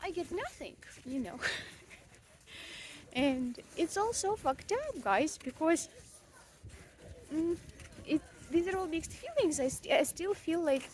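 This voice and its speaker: A woman's voice: very high voice, big pitch swings, takes it slowly, long pauses, a little mellow, slight background noise. A young mother venting in a casual, rambling vlog, frank and self-mocking, with frequent swearing and fillers. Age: young adult. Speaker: vlogger, mother.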